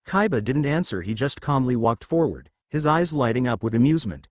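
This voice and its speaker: A man narrating a fan fiction story with expressive storytelling. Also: medium pitch, a little fast, dry recording, studio quality.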